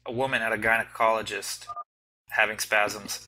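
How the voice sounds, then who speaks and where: A man's voice: lowish voice, flat delivery, normal speed, sharp tone, low-quality recording. A young man giving casual, teasing commentary on a multiplayer game match over online voice chat, talking in stops and restarts. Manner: chatty, teasing, with many restarts. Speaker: game caster.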